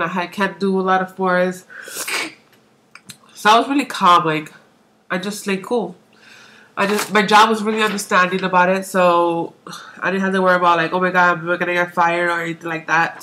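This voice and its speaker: A woman's voice: mid-range voice, pushed and bright. A young woman telling a rambling story in a casual vlog, saying "like" a lot, acting out other people's lines and laughing often. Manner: chatty, rambling, full of "like"; acts out quoted voices, laughs often. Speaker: vlogger.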